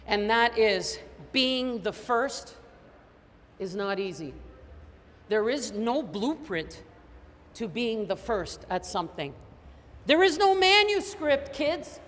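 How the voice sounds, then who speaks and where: A woman from Canada giving a high-energy motivational keynote, telling stories with lots of emphasis. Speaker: keynote speaker. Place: large conference hall. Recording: echoey hall with faint noise.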